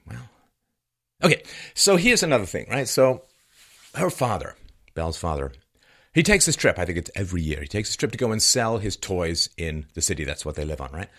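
Sarcastic man with a lively, low voice. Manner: sarcastic, mocking; emphatic, repeats for stress. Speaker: commentator. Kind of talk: opinionated monologue.

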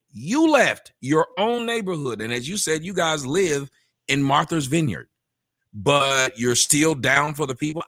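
A man's voice: medium pitch, a bit bright, no room sound. Man, podcast guest, emphatic, repeats words, dry recording. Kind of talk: conversational interview.

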